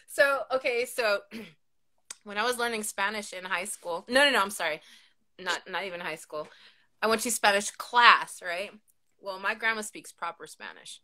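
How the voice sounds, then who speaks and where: A woman with a lisp hosting a casual chat, animated and quick to swear and laugh. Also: medium pitch. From Southern California. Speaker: podcast host.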